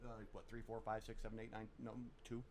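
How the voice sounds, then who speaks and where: A man's voice: lowish voice, monotone, quick pace, darkish tone, slight background noise. A man co-hosting a casual chat show, rambling as he reads out a list of silly laws. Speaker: podcast co-host.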